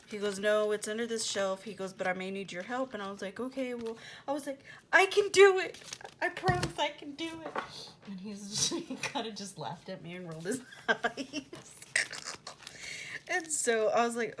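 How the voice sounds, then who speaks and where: Decorating her planner at home, a young vlogger tells a story in a casual, animated way, peppering it with "like" and acted-out exchanges. She has a mid-range voice that sinks to a soft near-whisper while she works, and slight hiss or hum can be heard.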